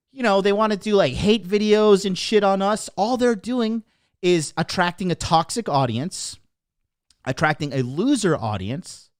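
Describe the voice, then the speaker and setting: A man's voice: sits high, no echo, clean studio sound. A man in his thirties hosting a live stream, talking casually in an emphatic, profane, preachy way. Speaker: host.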